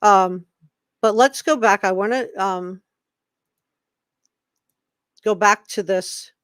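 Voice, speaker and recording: A woman's voice: medium pitch, takes it slowly, a bit bright, clear, resonant tone, no echo, clean studio sound. A woman hosting a casual live stream, chatting with viewers and reading their comments aloud.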